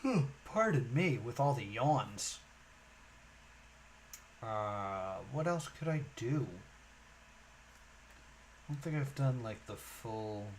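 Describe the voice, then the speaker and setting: Man, mid pitch, musing and hesitant puzzle streamer at a desk mic, faint room hum. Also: lively intonation, slow, pauses often, low-quality recording. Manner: musing, hesitant, many fillers. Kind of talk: thinking aloud while solving a puzzle game.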